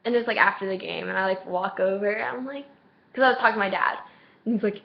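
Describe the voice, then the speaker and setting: A woman's voice: medium pitch, fast, creaky, lo-fi sound. A teenage girl vlogging casually, gushing through a story, acting out the dialogue and saying "like" constantly. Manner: gushing, lots of "like", acts out dialogue.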